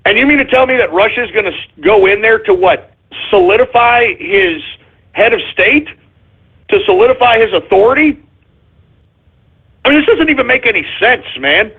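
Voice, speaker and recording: A man's voice: high voice, slightly rough. A male talk radio host ranting about politics in a profane, sarcastic, combative way. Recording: phone-like lo-fi radio audio.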